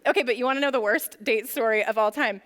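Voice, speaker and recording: A young woman with a high voice talks casually to a church youth group, telling stories in a chatty way and filling her speech with "like." Her voice rings with a long reverb, as in a large hall. It is a relaxed, conversational youth talk, not a formal sermon. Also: quick pace. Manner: chatty storytelling full of "like" fillers. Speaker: youth ministry speaker.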